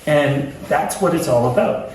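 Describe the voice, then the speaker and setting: A man's voice: fairly high pitch, animated, normal speed, darkish tone, heavy reverb, distant mic, slight background noise, low-quality recording. A man talking casually as an author in an interview, chatty and joking, with many fillers and restarts.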